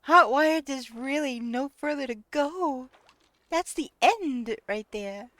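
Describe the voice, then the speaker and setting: A woman with a high voice chats through a live game stream at an unhurried pace. She keeps breaking into laughter and exclaiming in disbelief. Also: fairly bright tone, dry recording. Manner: laughs often, incredulous exclamations. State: laughing to tears. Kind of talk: casual live-stream chat while playing.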